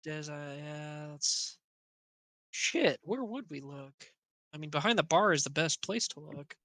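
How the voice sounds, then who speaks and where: A man with a bright, slightly high voice, playing in a casual tabletop game. He thinks aloud and asks about what he can do, recorded dry with no room sound. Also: lively intonation, unhurried, no room sound. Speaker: player.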